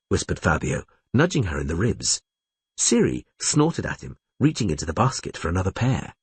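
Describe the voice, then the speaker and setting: A man's voice: sits low, big pitch swings, moderate pace, slightly rough, dry recording. A man narrating a fantasy audiobook, reading expressively and voicing all the characters himself.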